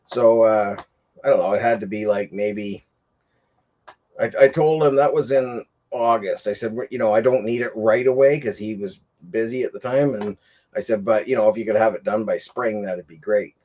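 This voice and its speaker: A man's voice: fairly low pitch, normal speed, darkish tone, dull audio. A man hosting a casual livestream, telling a long rambling story with lots of fillers and restarts. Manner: rambling, many fillers, gets heated retelling. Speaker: livestream host.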